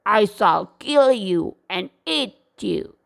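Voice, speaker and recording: Woman putting on a booming proud lion. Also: very animated, slow. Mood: angry. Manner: loud and scornful. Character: proud male lion, king of beasts, booming.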